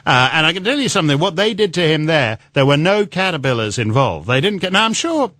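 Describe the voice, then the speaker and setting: A man's voice: on the high side, sing-song, brisk, fairly bright tone, dry recording. A man guest-hosting a talk radio show, rambling through mocking political commentary and cracking himself up with laughter. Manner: rambling and mocking, breaks into laughter, puts on silly voices for quotes.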